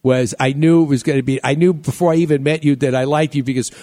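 A man's voice: fairly high pitch, fairly even intonation, fast talker, warm tone. A man hosting a talk show, upbeat and enthusiastic as he reacts and introduces a break. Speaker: host.

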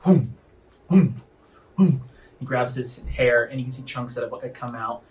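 A man's voice: mid-range voice, a little slow, a little mellow. Casual male game master, distant mic. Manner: casual, descriptive, many fillers. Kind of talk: narrating a tabletop game. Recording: distant mic with faint music.

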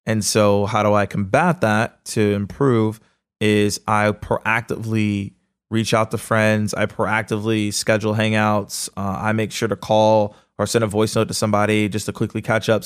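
A man hosting a podcast, speaking in a casual, energetic motivational monologue with lots of fillers and quick bursts. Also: on the low side. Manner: energetic, casual, fast-talking with many fillers. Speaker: podcast host.

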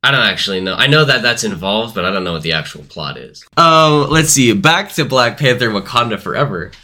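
A man's voice: on the low side, lively intonation, fairly quick, bright, forceful tone. A man co-hosting a casual movie review podcast, rambling and correcting himself as he goes. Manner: rambling, self-correcting, hedging. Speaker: podcast co-host.

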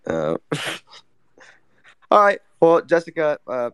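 A man's voice: a little high, huge pitch swings, takes it slowly, clean tone, no room sound, studio quality. A man hosting a casual online talk, laid-back and joking as he passes the mic to guests. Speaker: host. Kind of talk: casual chat.

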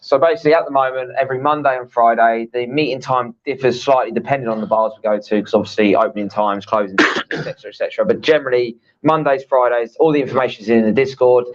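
A man's voice: mid-range voice, steady tone, fast, dull audio. A man with a Southern English accent, co-hosting a live stream and explaining things plainly in casual chat. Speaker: co-host, bar crawl organiser.

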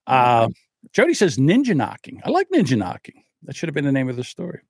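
A man's voice: medium pitch, wildly swooping pitch, fairly quick, darkish tone, slightly rough, no room sound. A man co-hosting a podcast, chatting casually and joking around on a close, dry microphone. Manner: jokey, does silly mock voices. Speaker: podcast co-host. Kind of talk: casual banter.

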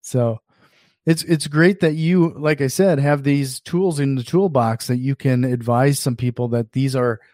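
A man's voice: mid-range voice, fairly even intonation, measured pace, darkish tone, no echo, studio quality. Conversational male podcast host. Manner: conversational, restarts and repeats words. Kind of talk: casual interview chat.

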